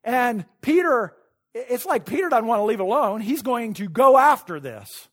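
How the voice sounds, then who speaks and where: Animated storytelling male pastor preaching. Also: very high voice, moderate pace. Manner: storytelling, animated with sudden loud peaks and quiet asides; laughs at his own points. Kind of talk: sermon.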